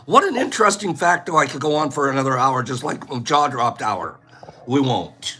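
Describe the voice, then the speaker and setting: A man's voice: fairly high pitch, big pitch swings, moderate pace, bright, forceful tone, husky, soft background music. A man hosting a casual livestream, rambling through joking rants and giving things away to viewers.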